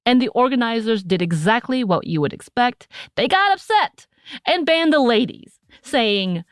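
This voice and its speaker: A woman's voice: a little high, lively intonation, normal speed, dry recording, clean studio sound. An American woman co-hosting a podcast, chatting casually with playful asides and frequent laughter. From United States. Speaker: podcast co-host.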